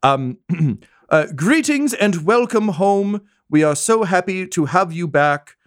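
A man's voice: high voice, expressive, takes it slowly, voice pushed up. A man voicing a nervous, stammering male roof worker in a tabletop game. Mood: flustered. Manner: stammering, flustered.

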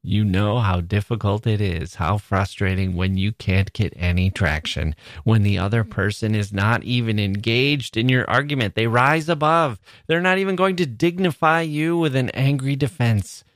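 A man's voice: fairly low pitch, moderate pace, few pauses, fairly bright tone, no echo, clean studio sound. A man hosting a literature podcast, talking through a play with earnest emphasis and a lot of repetition. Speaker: podcast host.

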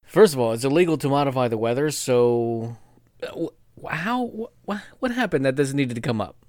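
Lively-voiced man in comedic banter. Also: mid-range voice, moderate pace, dry recording, clean studio sound. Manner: incredulous, questioning, stammers when puzzled. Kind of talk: casual comedic chat.

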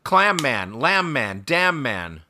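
Lively, bright-voiced man firing off guesses. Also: medium pitch, a little hiss or hum. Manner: quick guessing, blunt and incredulous. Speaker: podcast co-host. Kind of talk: casual game chat.

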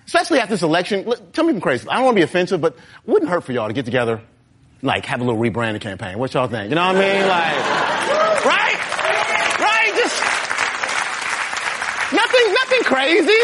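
A man doing a stand-up comedy set on stage, talking straight to the audience in a lively, animated way. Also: sits high. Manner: animated, talks straight to the crowd. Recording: live show with crowd noise.

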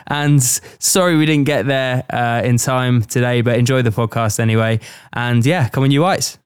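A man's voice: mid-range voice, fairly even intonation, normal speed, clear, resonant tone, no room sound, clean studio sound. A man hosting a casual podcast, upbeat and teasing with his guests. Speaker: podcast host.

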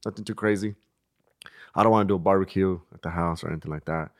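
Laid-back young man, low voice. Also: fast talker, dry recording, studio quality. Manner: laid-back storytelling, slangy, acts out quoted voices. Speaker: podcast co-host. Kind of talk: casual chat.

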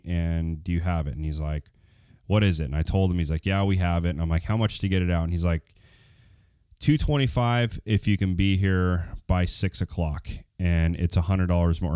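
Male vlogger, smooth voice, dry close sound, rambling storyteller fighting off a cold. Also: low-pitched, dark tone, no echo. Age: adult. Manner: rambling, many fillers, acts out quoted dialogue. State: getting over a cold. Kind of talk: casual storytelling to viewers.

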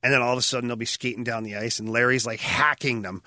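A man talking casually on a podcast as a retired hockey player and co-host, telling lively stories and acting out what other people said. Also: mid-range voice, quick pace, no room sound, clean studio sound. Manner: lively storyteller acting out quotes.

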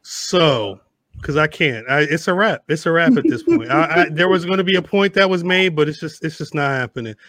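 A man hosting a rowdy live podcast, loud and laughing, talking over the others in casual chat. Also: fairly high pitch, expressive, a little fast, no echo. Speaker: podcast host.

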